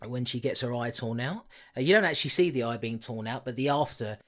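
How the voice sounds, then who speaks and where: A man's voice: mid-range voice, animated, fairly quick, fairly bright tone. A man co-hosting a horror film podcast, chatting casually, teasing and sarcastic. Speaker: podcast co-host. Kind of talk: casual film review chat.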